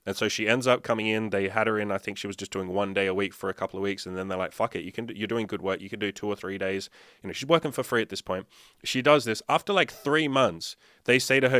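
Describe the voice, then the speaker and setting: Young man, coach, low voice, close dry sound, casual and profane monologue. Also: fast, fairly bright tone, dry recording. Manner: profane, emphatic storytelling. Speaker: dating and self-improvement coach.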